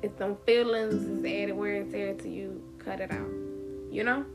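A woman's voice: mid-range voice, fairly even intonation, normal speed, creaky. A woman hosting a solo podcast, talking candidly and with plenty of profanity, her words running together. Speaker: podcast host. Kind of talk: casual solo podcast monologue. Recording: guitar music playing behind.

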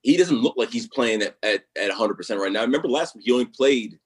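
A man's voice: mid-range voice, expressive, quick pace, husky. A man co-hosting a casual sports chat, thinking aloud and hesitating with ums as he weighs things. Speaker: podcast co-host.

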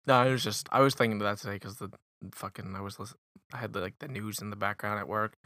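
A man's voice: lowish voice, fairly even intonation, fast, sharp tone, dry recording, clean studio sound. A man co-hosting a podcast, chatting casually and swearing, stumbling over words as he reads aloud. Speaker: podcast co-host.

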